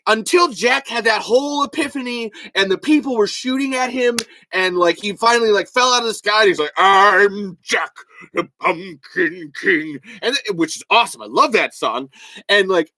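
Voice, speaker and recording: A man with a high, bright voice hosts a solo podcast, ranting fast and swearing freely. His delivery swings into loud bursts as he argues his point. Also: dry recording. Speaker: podcast host. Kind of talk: solo podcast rant reading comments.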